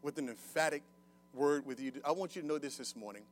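High-voiced pastor preaching with call-and-response. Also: male voice, quick pace. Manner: call-and-response preaching, swinging between loud bursts and quiet talk; casual, joking asides. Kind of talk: sermon. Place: church service before a congregation.

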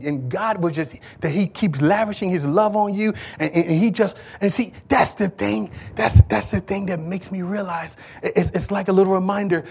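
A man with a high voice preaches to his congregation, swinging between relaxed, colloquial asides and loud, emphatic call-outs. He keeps the people involved with questions and repetition. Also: normal speed, breathy edge. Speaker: pastor. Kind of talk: sermon.

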